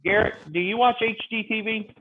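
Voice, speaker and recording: A man lecturing a real estate class, acting out clients and agents in quick animated stories. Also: sits high. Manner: animated storytelling, role-playing clients in quotes. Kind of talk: classroom lecture with acted-out examples. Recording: tinny phone-like audio with faint noise.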